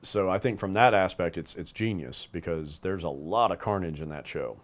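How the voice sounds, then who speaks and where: A man's voice: sits low, moderate pace. A man co-hosting, talking casually about a cartoon and its toys, rambling with fillers and restarts. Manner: rambling, with fillers and restarts, acts out bits of dialogue.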